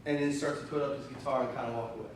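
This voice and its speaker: A man preaching a storytelling sermon as youth pastor, animated and conversational, his voice a little strained. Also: medium pitch, racing. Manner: animated, conversational, breaks into laughter. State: slightly strained voice. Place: church hall. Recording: very echoey hall, voice from far off.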